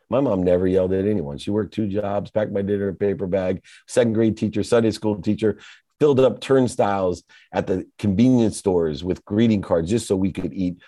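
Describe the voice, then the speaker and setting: A middle-aged man giving a motivational monologue, emphatic and rhythmic, building lists and swelling his pitch for effect. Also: mellow, no room sound. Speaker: motivational speaker.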